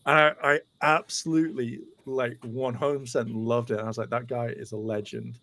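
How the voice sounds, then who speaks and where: A man's voice: medium pitch, normal speed, no room sound. A British man co-hosting a podcast, telling casual anecdotes and doing voices for the people in them. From United Kingdom. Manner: animated storyteller doing voices. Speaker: podcast co-host. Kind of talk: casual storytelling.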